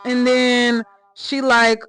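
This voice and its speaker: A woman's voice: on the high side, level tone, drawn-out words, a bit bright. Woman vlogger, casual storytime monologue, slangy and emphatic, talks straight to viewers, faint background music. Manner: chatty, slangy, emphatic, addresses viewers as y'all. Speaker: vlogger telling a personal story.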